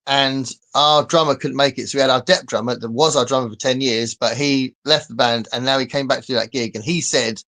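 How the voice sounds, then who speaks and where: A British man hosting a casual chat over a video call, talkative and quick to laugh. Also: mid-range voice, bright, forceful tone. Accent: British English. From England. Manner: chatty, laughs easily. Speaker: host.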